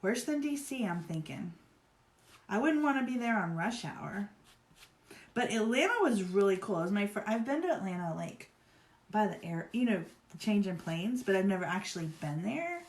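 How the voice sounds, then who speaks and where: A woman hosts a live craft stream in an easy, rambling way, full of "y'all" and "like." Her voice sits at an ordinary middle pitch. It carries a noticeable room echo. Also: big pitch swings, moderate pace. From Virginia, US. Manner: chatty, rambling, upbeat, says "y'all" and "like". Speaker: craft livestream host. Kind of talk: casual live craft demo chat. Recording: roomy echo.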